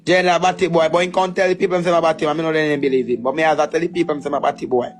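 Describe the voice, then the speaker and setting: Brief: rapid, brash Jamaican male commentator with a slightly raised voice, mocking and repetitive. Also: on the high side, level tone, faint music behind. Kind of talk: animated patois commentary.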